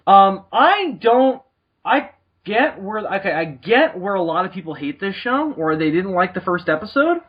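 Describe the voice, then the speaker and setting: A man co-hosting a podcast in casual chat, jokey and quick to laugh. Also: high voice, sing-song, breathy edge. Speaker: podcast co-host. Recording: dull lo-fi recording.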